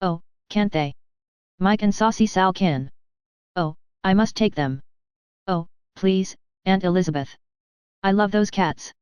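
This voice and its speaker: Earnest orphan girl read by a woman, pleading and anxious, clear smooth voice. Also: mid-range voice, a little slow, pauses often, darkish tone, dry recording, close to an everyday voice.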